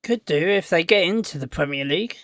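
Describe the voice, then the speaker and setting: A man's voice: on the high side, animated, fairly quick, a bit bright, no room sound, studio quality. A man hosting a live football watch-along, rambling casually and chatting back to his viewers.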